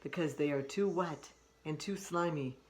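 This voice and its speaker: A woman doing a slow, hungry wolf. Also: low voice, natural voice. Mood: playful menace. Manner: slow, drawn-out, playfully menacing. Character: hungry boastful wolf, menacing but silly.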